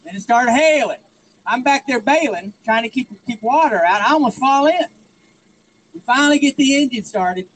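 A man with a Texan accent spins a joking, rambling tale from an outdoor stage. His voice sits high for a man. A faint hum of noise runs under his handheld mic. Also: animated, a bit bright, poor audio. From Texas. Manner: joking, drawn-out storyteller. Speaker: rally speaker. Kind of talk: folksy storytelling.

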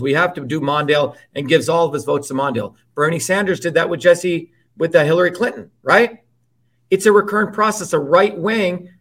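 Forceful, profane man speaking slightly high. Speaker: interview guest. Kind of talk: heated political interview.

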